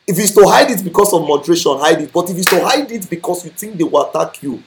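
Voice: mid-range voice, animated, fast talker, hardly any pauses, slight background noise. A preacher with a Nigerian accent delivering an emphatic sermon, mixing in pidgin and raising the voice for emphasis.

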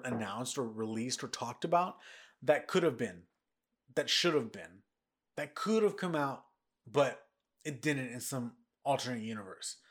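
A man hosting a casual podcast, talking in a rambling way with lots of restarts and repeats, tired and yawning. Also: mid-range voice. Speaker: podcast host. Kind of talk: casual news chat.

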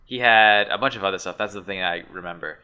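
A man's voice: low voice, fast talker, bright, forceful tone, smooth. A man co-hosting a casual podcast chat, telling a story in a rambling, sarcastic way with many restarts. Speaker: podcast co-host.

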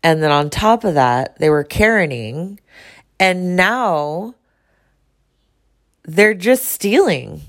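A woman's voice: lowish voice, animated, slow pace, long pauses, fairly bright tone. A woman talking bluntly and outspokenly in a casual personal monologue, swearing freely. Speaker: vlogger.

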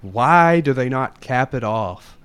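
A man's voice: mid-range voice, expressive, slow pace, fairly bright tone, clean tone. A young man hosts a podcast in loose, casual chat. His voice sits in the middle range. He talks in slang and keeps saying dude and bro. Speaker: podcast host.

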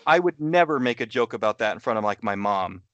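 A man co-hosting a podcast, chatting casually in a hesitant, halting way. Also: medium pitch, lively intonation, no echo, lo-fi sound. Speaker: podcast co-host. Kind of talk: casual chat.

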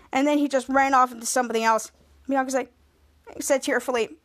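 A woman's voice: high voice, fairly even intonation, fairly quick, fairly bright tone. A woman podcast host casually recapping a TV episode, retelling each scene and raising her voice for the quoted lines.

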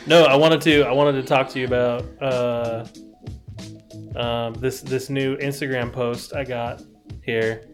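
Male podcast co-host, mid pitch, hesitant rambling delivery, light music bed. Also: steady tone, slow. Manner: rambling, hesitant with many fillers. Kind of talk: casual chat.

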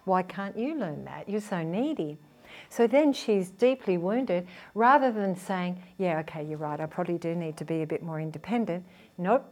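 A woman's voice: lowish voice, normal speed. A woman who works as a relationship therapist, talking casually to an audience and acting out what partners say to each other. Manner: animated, acts out quoted partners, laughs often.

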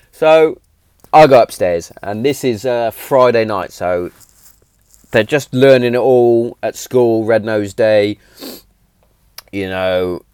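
A man's voice: lowish voice, darkish tone, smooth, no room sound, studio quality. A man, telling stories in a blunt, chatty way, often repeating himself and swearing. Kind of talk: casual storytelling monologue.

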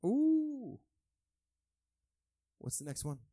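A man preaching a sermon in a conversational, joking way, who swings from quiet asides to shouted, half-sung praise. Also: mid-range voice, expressive, moderate pace, no echo, clean studio sound. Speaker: pastor.

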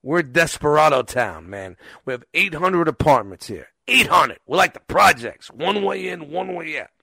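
A man chatting casually on a podcast, blunt and profane, telling animated stories. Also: a little high, normal speed, gravelly, breathy edge, no room sound. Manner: blunt, swears constantly, animated storytelling.

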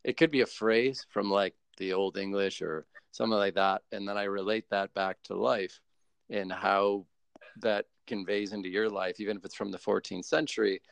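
An American man chatting as a podcast guest, animated and laughing often, with lots of fillers and restarts. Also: lowish voice, normal speed, gravelly, clean tone, no echo. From United States. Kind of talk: casual chat.

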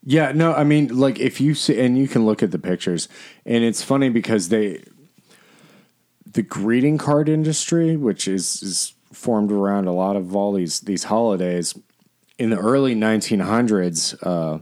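A man with a very low, deep voice rambles through a casual podcast chat. He stumbles and restarts often and swears freely. His delivery is loose and unpolished. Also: normal speed, darkish tone. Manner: rambling, with fillers and profanity. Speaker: podcast co-host.

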